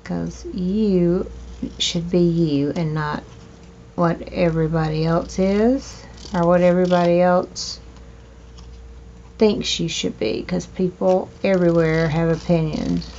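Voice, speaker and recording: A woman hosting a crafting video, chatting slowly to herself while she trims and glues, with hiccups now and then. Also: fairly low pitch, fairly even intonation, warm tone. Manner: slow, chatty, talking to herself while working. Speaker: crafting channel host. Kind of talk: casual crafting narration. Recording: dull lo-fi home recording with faint noise.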